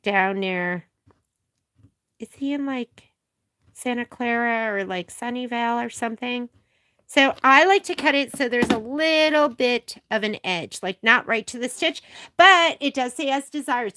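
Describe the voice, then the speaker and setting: A middle-aged woman hosts a sewing shop's tutorial vlog, her slightly high voice bright and forceful. She chats away with rambling, gushing, filler-laden stories, recorded by a camera on a filming arm.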